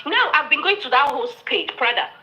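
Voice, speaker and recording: A woman's voice: high-pitched, lively intonation, normal speed, bright, forceful tone, faint music behind, rough recording. A Nigerian woman in her forties hosting a live stream, defiant and dismissive as she rants and talks over others. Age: 40s. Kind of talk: heated live stream rant.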